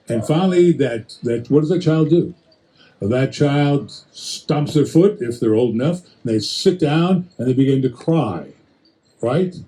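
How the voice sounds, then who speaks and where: A man preaching in a conversational Bible-teaching style, addressing listeners directly with quick restarts and acted-out asides. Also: mid-range voice, mellow, poor audio.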